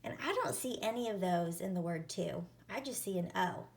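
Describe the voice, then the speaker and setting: A woman teacher leading an early-reading spelling lesson, sounding out words and letters deliberately. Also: fairly low pitch, vocal fry.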